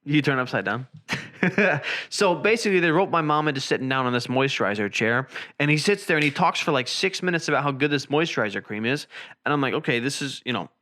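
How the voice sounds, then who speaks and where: A man's voice: mid-range voice, lively intonation, fast talker, bright, forceful tone. A young man hosting a podcast, telling rambling stories in casual chat, loose and profane. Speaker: podcast host. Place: indoor room, seen on camera.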